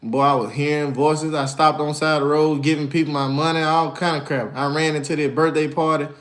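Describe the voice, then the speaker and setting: A man chatting casually on a livestream, slangy and animated, telling stories and answering viewers. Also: on the high side. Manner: animated, slangy, storytelling with put-on voices. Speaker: livestreamer and musician.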